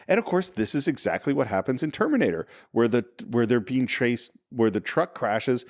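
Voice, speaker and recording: A man's voice: mid-range voice, sing-song, moderate pace. A man co-hosting a casual film podcast from a living room, recapping movie scenes in detail and chuckling often. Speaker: podcast co-host.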